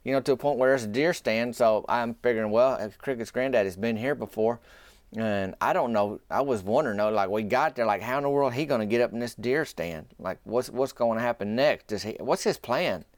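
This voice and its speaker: A man's voice: mid-range voice, fairly quick, no room sound, clean studio sound. A man hosting a podcast, telling a rambling, folksy story in a casual way. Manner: folksy, rambling, drops into a whisper at times. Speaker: podcast host.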